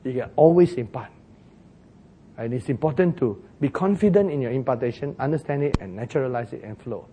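A man preaching a sermon as pastor, telling the story in an animated way, acting out the quoted voices and chuckling at his own jokes. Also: medium pitch, a little fast, slight background noise.

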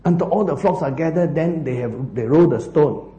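A man preaching a sermon as pastor, telling a Bible story in an animated way with laughs and playful asides. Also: on the high side, moderate pace, echoey room, dull audio.

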